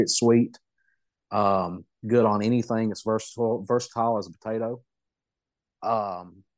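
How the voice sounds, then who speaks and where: Low, dry-voiced man. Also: a little mellow, no echo. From Southeast Kentucky. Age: middle-aged. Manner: folksy, rambling, self-amused. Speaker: podcast guest. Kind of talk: casual storytelling.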